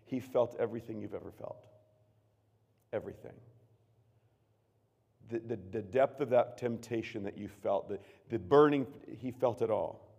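A man preaching a sermon as pastor, earnest, moving from hushed tones to loud emphatic bursts. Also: fairly low pitch, moderate pace, creaky, long pauses. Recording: long reverb of a large room.

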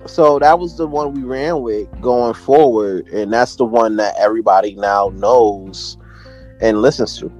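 On dull audio, a man with a fairly low, slightly mellow voice speaks at a measured pace. He's a music producer sharing stories as an interview guest, relaxed and slangy, often saying "you know what I'm saying."

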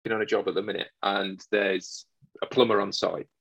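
A man's voice: on the low side, flat delivery, brisk, vocal fry, a bit bright, husky, no echo, highs cut off. A man working as an electrician tells a work story in casual chat, acting out both sides of the dialogue.

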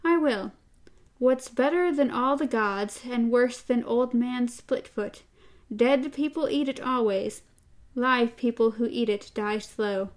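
A woman reads as a stern, laconic gunslinger from a story. He speaks slowly and deliberately, in a voice pitched a little high. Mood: thoughtful.

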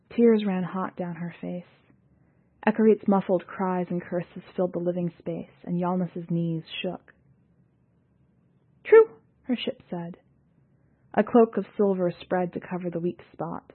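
A woman reading a science fiction story aloud in a steady, measured narration. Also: fairly low pitch. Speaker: audiobook reader and podcast editor. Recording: tinny phone-like audio.

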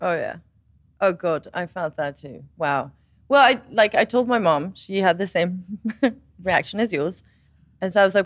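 A woman's voice: fairly low pitch, no echo. A young woman co-hosting a casual chat, reacting readily and sharing her own story. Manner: chatty, quick to react and laugh along.

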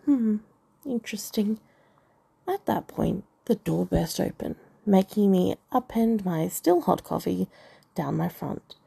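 A woman reads a first-person novel with a wry, self-mocking touch. Her voice is heavy with gravelly fry and a husky, breathy edge. The tone stays dark and mellow throughout. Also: medium pitch, expressive, slow pace. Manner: wry, dry humour. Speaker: audiobook narrator.

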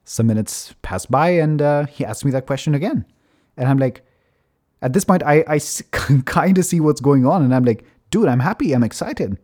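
Casual male storyteller, mellow tone, laid-back and self-mocking, drops the odd swear. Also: fairly high pitch, moderate pace. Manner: relaxed, chatty, swears casually, laughs at himself. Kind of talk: casual anecdote.

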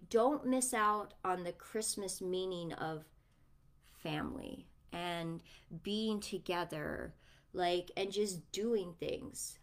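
A woman's voice: mid-range voice, a bit bright. A mother chatting casually to her viewers on a livestream, rambling and affectionate.

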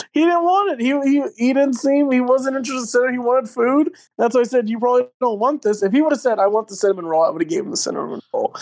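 A man's voice: very high voice, fairly quick, a little mellow. A young man telling rambling, laugh-filled stories in casual chat.

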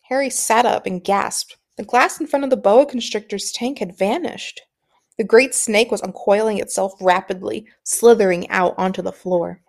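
A woman reading a novel aloud chapter by chapter in a steady, even storytelling manner. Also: medium pitch, normal speed, gravelly. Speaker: audiobook reader.

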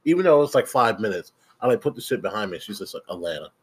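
A man's voice: mid-range voice, expressive, fast, husky. A young man chatting casually on a podcast, telling a story animatedly, acting out quotes and swearing freely. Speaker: podcast co-host. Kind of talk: casual chat.

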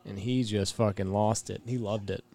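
Relaxed, swearing man talking football. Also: fairly low pitch, moderate pace, creaky. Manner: relaxed, swearing, play-by-play remarks. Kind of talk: casual chat while watching a game.

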